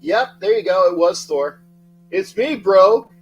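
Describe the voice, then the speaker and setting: Middle-aged male sports streamer, lively up-and-down delivery, slightly high voice, shouty greetings, rambling chat. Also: a little slow, lo-fi sound, faint music behind. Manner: excitable, shouts out viewer names, rambling. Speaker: livestream sports talk host. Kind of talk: casual livestream chat greeting viewers.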